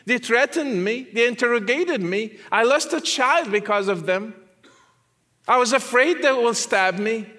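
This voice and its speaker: A man giving an earnest testimony as a guest speaker, repeating phrases and at times dropping to a quiet, soft voice. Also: extremely high pitch, expressive, measured pace. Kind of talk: testimony sermon.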